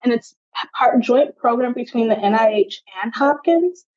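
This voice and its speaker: A woman's voice: fairly high pitch, moderate pace, darkish tone. Young woman chatting over muffled audio. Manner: chatty, uses "like" often. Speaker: genetic counselor, guest. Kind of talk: casual interview answers.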